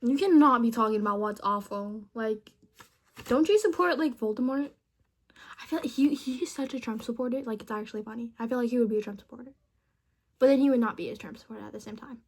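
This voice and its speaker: A woman's voice: fairly high pitch, fast. A young woman chatting casually with a chatbot. She rambles playfully and mutters asides under her breath.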